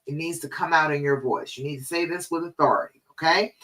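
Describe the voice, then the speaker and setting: A woman's voice: sits low, expressive, normal speed. A woman hosting a live-stream coaching show, encouraging listeners and checking in with "okay?" and "all right?". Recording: voice a bit far from the mic.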